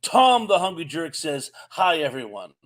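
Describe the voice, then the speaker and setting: A man's voice: a little high, big pitch swings, moderate pace, fairly bright tone. A man with a Southern US accent co-hosting a live stream, reading out chat greetings in a friendly, chatty way.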